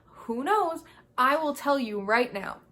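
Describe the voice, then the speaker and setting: Vlogger woman, fairly high voice, animated and exasperated casual rant. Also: slow. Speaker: video creator. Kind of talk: casual review vlog.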